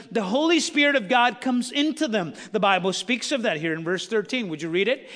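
A male pastor preaching a sermon, swinging from quiet asides to shouted emphasis, with recurring "watch this" refrains. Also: extremely high pitch, long reverb tail. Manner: frequent "watch this" and "the Bible says" refrains.

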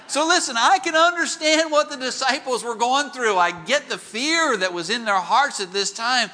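Bright high-voiced male preacher in a hall. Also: normal speed, hardly any pauses. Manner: animated storytelling with rhetorical questions. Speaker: pastor. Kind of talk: sermon. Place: large auditorium.

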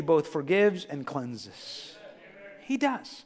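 A middle-aged man preaches a sermon in a church. His voice sits high and rings out with a long reverb from the hall. He swings from loud, rising exhortation down to quiet, hushed storytelling. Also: normal speed. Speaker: pastor. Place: church sanctuary.

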